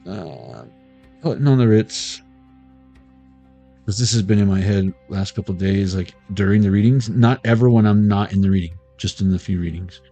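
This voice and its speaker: Soft music plays in the background as a man with a lowish, warm, expressive voice delivers a rambling intuitive tarot reading at a moderate pace. He associates words out loud, laughs frequently and breaks into bits of old songs.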